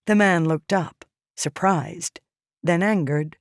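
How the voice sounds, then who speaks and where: Slow, measured woman narrator. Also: lowish voice, no echo, clean studio sound. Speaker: audiobook narrator. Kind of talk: scripted narration.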